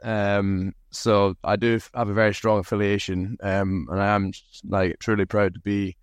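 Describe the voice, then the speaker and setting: A Scottish man with a deep-leaning, clean, resonant voice recounts his background in a relaxed, self-deprecating way. The sound is dry and close, with no room echo. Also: moderate pace, smooth. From Aberdeen, Scotland. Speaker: podcast guest, rugby team captain. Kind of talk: casual interview storytelling.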